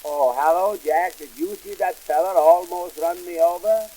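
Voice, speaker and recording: A man playing Cohen, a wisecracking immigrant comic businessman, in 1920s vaudeville comedy record style with deadpan punchline patter. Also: high voice, moderate pace, slight background noise, lightly acted, low-quality recording. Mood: bickering.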